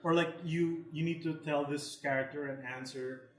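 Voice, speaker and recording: A man's voice: fairly high pitch, steady tone, normal speed, reverberant, far from the mic, rough recording. Wry, joking man on a podcast. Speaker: podcast co-host. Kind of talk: casual chat.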